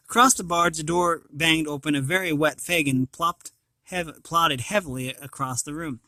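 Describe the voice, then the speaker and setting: A man reading a children's storybook aloud, now and then stumbling and restarting a word. His voice is bright and a little high. The sound is close and dry. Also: normal speed, no room sound. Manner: animated reading, occasional slips and restarts. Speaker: storybook reader.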